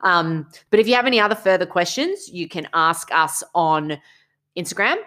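A young woman with a low voice, co-hosting a casual podcast chat. She talks bluntly and with emphasis, dropping swear words freely. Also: animated, moderate pace, a bit bright. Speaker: podcast co-host.

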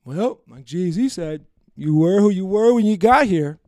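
A man's voice: sits high, expressive, a little mellow, dry recording, studio quality, voice pushed up. A man putting on a slurring drunk young woman. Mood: tipsy. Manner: slow, drawn-out, repetitive.

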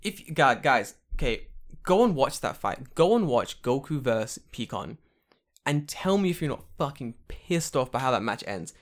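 A podcast co-host chats casually, easily worked up and swearing freely. His pitch leaps and swoops all over the place, and he often breaks into loud outbursts. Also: normal speed. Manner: excitable and profane, with loud outbursts. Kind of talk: casual chat.

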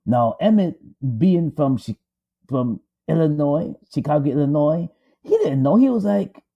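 A man's voice: on the high side, expressive, a little slow, vocal fry. A man dramatically retelling a story, emphatic and repetitive, building suspense. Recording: dull lo-fi audio.

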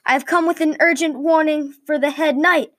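A woman's voice: high-pitched, steady tone, moderate pace, fairly bright tone, pitched above the performer's own voice. A woman voicing a restless, greedy young male castle guard in a read-aloud medieval story, calling out with urgency. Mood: urgent. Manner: raised, urgent calls.

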